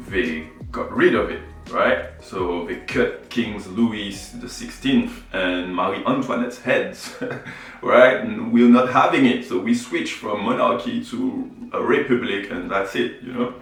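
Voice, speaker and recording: A man's voice: on the low side, a little slow, a bit bright, very echoey, distant mic, faint music behind, low-quality recording. A man from Martinique who runs a photography channel, explaining his views in a reflective vlog, often checking in with "right?" and "you know". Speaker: photography YouTuber.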